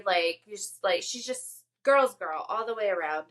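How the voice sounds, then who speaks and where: A woman's voice: medium pitch, measured pace, few pauses, a bit bright. A woman co-hosting a podcast, recapping a TV episode in casual, enthusiastic chat with many filler words. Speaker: podcast co-host.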